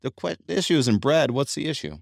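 A man hosting a Bible study radio show, chatting in a lively, questioning way with his guest. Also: mid-range voice, a little fast, gravelly, no echo, clean studio sound. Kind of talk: casual Bible study talk.

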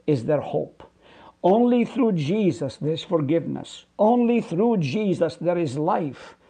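A middle-aged pastor leads a Bible study in a slow, unhurried voice with a gravelly edge. His tone is dark and mellow but slightly husky, and he sits a little above most men in pitch. He preaches earnestly, stacking repeated phrases for emphasis. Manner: explains Hebrew words slowly, drawing them out. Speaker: pastor, guest Bible teacher. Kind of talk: radio Bible study teaching.

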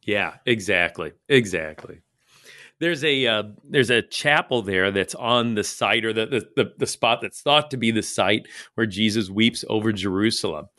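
A man's voice: fairly low pitch, normal speed, bright, forceful tone, dry recording, studio quality. A man co-hosting a casual Bible study chat, earnest and reflective, with frequent fillers and restarts. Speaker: co-host discussing Bible passages.

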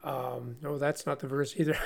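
A man co-hosting a Bible-study radio show, teaching in an animated way with frequent laughs and stumbling restarts. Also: mid-range voice, creaky, slightly rough.

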